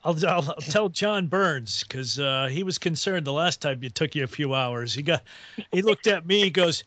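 A man's voice: fairly high pitch, lively intonation, moderate pace, fairly bright tone, dry recording. A man on a radio talk show, telling a rambling story in a casual way and chuckling often.

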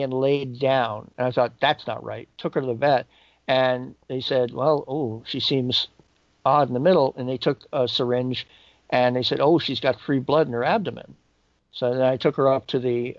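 A man telling a personal story in a halting, reflective way, jumping up in pitch when he quotes people. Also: dry recording. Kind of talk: personal anecdote. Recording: dull lo-fi dry recording.

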